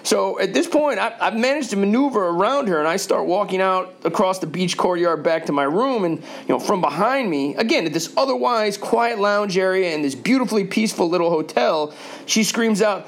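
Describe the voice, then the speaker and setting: A fairly high-voiced American man tells a comic story in a wry, sarcastic monologue. He swears freely and climbs toward loud, shouted punchlines. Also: animated, brisk. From United States. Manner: wry, profane, builds to shouting.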